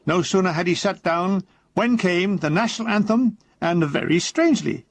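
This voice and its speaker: Man, high voice, deadpan comic audiobook narration, author reading own memoir, dry studio sound. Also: normal speed, no room sound. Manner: dry, deadpan comic delivery that briefly puts on voices for quoted characters.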